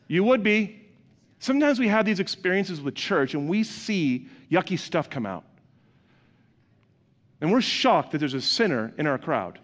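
A man's voice: high voice, very animated, measured pace, long pauses, long reverb tail. A man delivering a sermon as pastor, in a conversational way, acting out quoted voices and asking the congregation questions.

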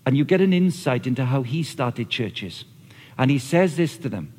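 Male preacher, lively conversational delivery, middle pitch, echoing hall sound. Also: normal speed, slightly rough. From Australia or Britain, not the audience's country. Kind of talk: sermon. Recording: long reverb of a large hall.

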